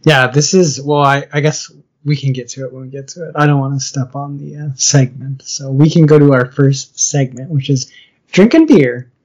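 A man of middle pitch co-hosting a podcast, chatting easily with a friend and laughing along. The audio is a little dull and lo-fi. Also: normal speed, darkish tone. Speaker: podcast co-host. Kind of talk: casual chat.

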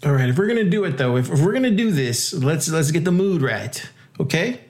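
A man hosting a casual crypto podcast, hyped and joking, laughing often and jumping into high exclamations. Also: expressive, a little fast, darkish tone. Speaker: podcast host.

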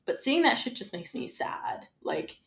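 A young woman co-hosting a podcast in casual chat, animated and swearing freely as she acts out quotes. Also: unhurried, reverberant. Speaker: podcast co-host.

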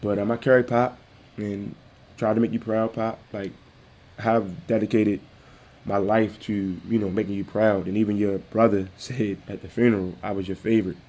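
Man, podcast host, low-pitched, mellow dark voice, heartfelt repetitive delivery. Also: level tone, moderate pace. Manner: heartfelt, repetitive, preacher-like cadence. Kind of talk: personal tribute monologue.

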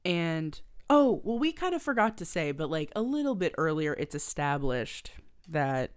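Profane, lively young woman recapping a movie. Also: sits low, moderate pace, smooth, dry recording, studio quality. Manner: profane, animated, acts out quoted lines. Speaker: podcast co-host. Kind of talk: casual chat recapping a movie.

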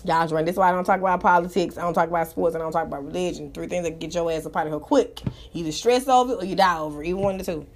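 A woman hosting a casual live talk room, telling stories and ranting bluntly with profanity and sudden loud outbursts. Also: lowish voice, steady tone, racing, hardly any pauses. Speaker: live audio room host. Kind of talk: casual storytelling rant.

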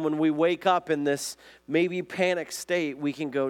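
A man's voice: on the high side, steady tone, measured pace, few pauses. A man preaching a conversational sermon, earnest and often asking his listeners questions. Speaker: pastor.

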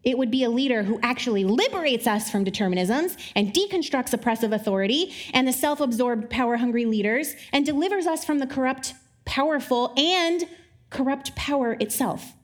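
Lively, wry woman preaching. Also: a little high. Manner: lively, wry and joking, with quick asides. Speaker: speaker. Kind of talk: conversational sermon to a live audience. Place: live talk before an audience.

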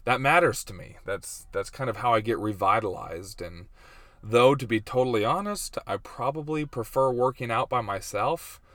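A man's voice: medium pitch, expressive, normal speed, fairly bright tone, no echo. A man in his thirties hosting a casual faith and life vlog, chatty and self-deprecating, laughing often. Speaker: host.

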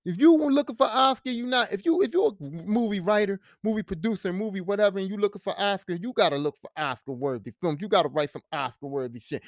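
A man's voice: sits high, animated, a little fast, no room sound, clean studio sound. A man hosting a podcast, giving a casual, profane, emphatic movie rant. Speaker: podcast host. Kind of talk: casual ranting review.

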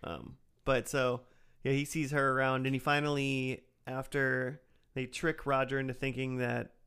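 Smooth-voiced man in casual chat. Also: medium pitch, moderate pace. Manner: relaxed, joking, retells scenes with quoted asides. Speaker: podcast co-host recapping a cartoon.

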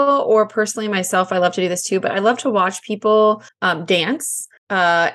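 A woman in her thirties, an Enneagram coach, chatting as a podcast guest and telling animated stories with laughter. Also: medium pitch. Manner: warm, animated storytelling with laughs. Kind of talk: casual interview chat.

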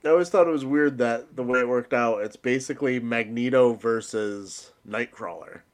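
A man's voice: medium pitch, moderate pace. A man co-hosting a podcast in casual chat, rambling with restarts and laughing often. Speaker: podcast co-host.

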